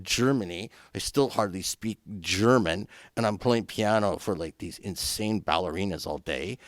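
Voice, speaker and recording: A middle-aged man from Canada, a conductor guest telling anecdotes in an animated way and acting out the voices of people he quotes. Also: on the low side, dry recording. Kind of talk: anecdotal storytelling. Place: podcast studio.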